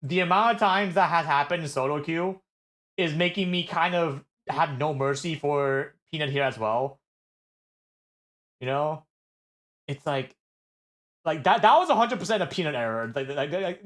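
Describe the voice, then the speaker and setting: Excitable male streamer, high voice, rambling casual match breakdown. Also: moderate pace. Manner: excitable, rambling with many filler words. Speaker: streamer reviewing esports matches. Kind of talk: casual game analysis.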